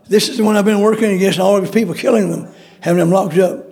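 A man's voice: high voice, fast talker, vocal fry, darkish tone. A man preaching a sermon, emphatic and repetitive, acting out the voices in the story he tells. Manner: repetitive, emphatic, acts out quotes.

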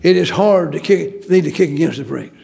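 A man's voice: on the high side, expressive, fairly quick, creaky, mellow. A man preaching a sermon, repeating phrases and restarting often as he builds emphasis.

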